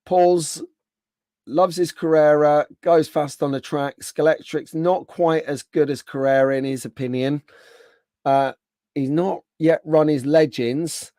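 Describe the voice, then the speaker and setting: A man's voice: on the high side, fairly even intonation, measured pace, dark tone, dry recording, clean studio sound. Chatty man hosting a live stream. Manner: chatty, answers viewers' comments by name. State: rough throat, clearing it often. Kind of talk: casual live stream chat.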